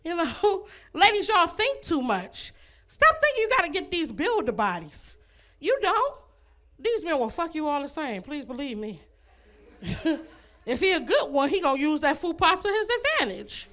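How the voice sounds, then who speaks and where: A woman's voice: extremely high pitch, sing-song, normal speed, fairly bright tone. A woman doing a stand-up comedy set, brash and laughing between her jokes, on a comedy club stage.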